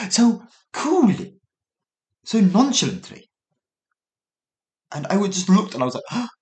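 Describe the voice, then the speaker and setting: A middle-aged man, hosting a podcast for learners and telling a story in a casual way. He is animated, mimics sounds with little noises and corrects himself mid-sentence. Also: high-pitched. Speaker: English teacher podcast host.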